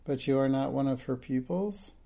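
A frail invalid gentleman from a storybook presses his questions urgently and breathlessly, read by a man. The voice is low-key and mellow, with some gravel in it. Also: normal speed. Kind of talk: audiobook reading.

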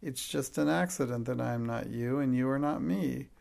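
A man voicing a kind, gentle little girl who speaks in a warm, reassuring way in a storybook reading. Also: medium pitch, moderate pace, creaky. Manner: warm, reassuring, soft-spoken.

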